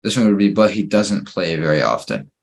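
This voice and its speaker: A man's voice: sits low, very animated, brisk, creaky. A man teaching an English grammar lesson, patiently working through fill-in-the-blank exercises and praising each answer.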